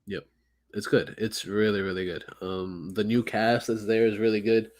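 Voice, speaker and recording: Laid-back man with a lowish voice. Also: flat delivery, a little mellow. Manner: laid-back, swears freely, quick agreeing fillers. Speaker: podcast co-host. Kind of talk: casual chat.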